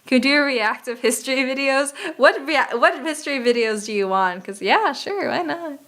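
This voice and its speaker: A woman's voice: high voice, animated, normal speed, fairly bright tone. A young woman streaming a geography game, chatting casually and muttering profanely in exasperation as she plays.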